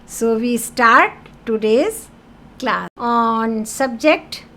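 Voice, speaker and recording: A woman's voice: on the high side, extremely slow, fairly bright tone. A woman teaching a French lesson in English, explaining patiently and repeating key words with French phrases mixed in.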